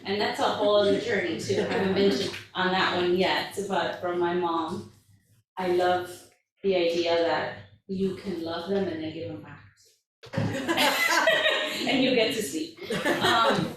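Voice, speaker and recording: A woman's voice: lowish voice, lively intonation, measured pace, very noisy. Woman, forties, parenting coach, open and conversational talk, live room with heavy echo, mic at a distance. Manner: candid, conversational, emotional at moments. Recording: echoey room, mic from afar.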